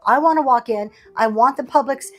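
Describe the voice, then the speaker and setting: A woman's voice: sits high, brisk. Chatty, sassy woman livestream host. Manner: chatty, sassy, laughing asides. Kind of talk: casual chat.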